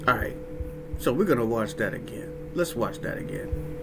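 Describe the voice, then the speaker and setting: A man's voice: medium pitch, big pitch swings, normal speed, gravelly, loud music behind the voice. A man hosting a casual reaction commentary, rambling and profane, often tagging lines with "right?" and "huh?". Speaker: host reacting to a clip.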